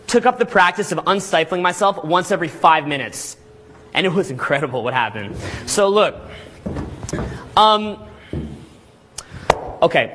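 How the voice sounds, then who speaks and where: High-voiced energetic male seminar coach. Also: a little hiss or hum. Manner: animated, energetic, audience questions. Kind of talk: live seminar teaching. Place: seminar room with live audience.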